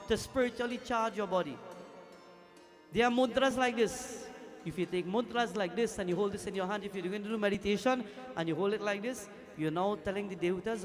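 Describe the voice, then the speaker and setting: Male pundit, storytelling sermon delivery, higher register, music bed behind. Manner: storytelling, acts out quoted voices, breaks into devotional song. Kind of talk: Hindu temple sermon. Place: temple hall during a festival night.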